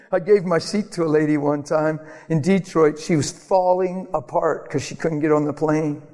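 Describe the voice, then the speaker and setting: A man preaching a sermon in a storytelling way, animated, laughing often and acting out the voices of the people in his stories. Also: on the high side, normal speed, long reverb tail.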